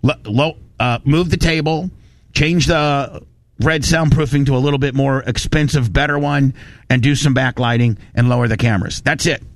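A man hosts a talk radio show, telling his story in a lively, ranting way. His voice sits at a mid pitch. The sound is close and dry, caught on a studio mic. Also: normal speed, dry recording. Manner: animated storytelling, ranting, profane. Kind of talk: casual studio chat.

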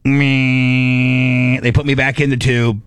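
A man's voice: mid-range voice, takes it slowly, smooth, no room sound. A middle-aged man hosting a radio show, telling a story in casual chat and acting out his own inner voice. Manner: animated, acts out his inner voice.

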